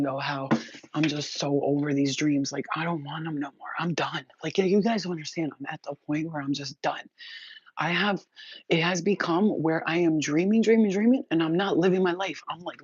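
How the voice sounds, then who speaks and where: A woman's voice: low-pitched, husky. A woman vlogging to her viewers, venting emphatically and profanely in a rambling monologue. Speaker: spiritual vlogger. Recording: dull, dry lo-fi recording.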